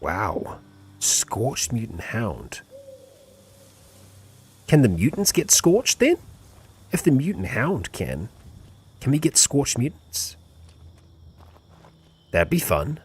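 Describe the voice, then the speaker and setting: Animated male game streamer. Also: medium pitch, slow pace, pauses often, breathy edge. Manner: lively, cheering on his companion. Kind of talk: live gameplay commentary.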